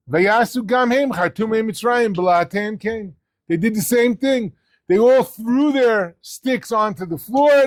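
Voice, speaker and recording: High-voiced man teaching a casual Torah class. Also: dry recording. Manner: conversational, quizzes listeners with questions. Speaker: rosh yeshiva teaching the weekly portion.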